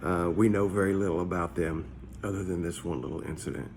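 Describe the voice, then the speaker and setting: A man's voice: low-pitched, fairly even intonation, fairly quick, darkish tone, slight background noise. A man, a pastor, giving a casual morning devotional in a conversational, searching way, often repeating his words. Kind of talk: short devotional talk.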